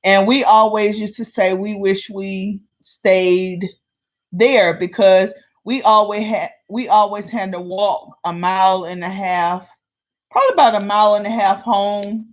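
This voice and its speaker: Woman vlogger telling a story, chatty and animated, does the voices. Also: medium pitch, normal speed. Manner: animated, acts out the people in her story. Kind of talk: casual storytelling.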